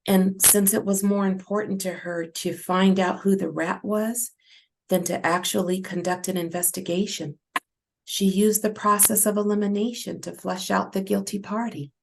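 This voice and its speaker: A woman narrating her own story in the first person, in a steady, measured reading. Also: mid-range voice, vocal fry, rough recording.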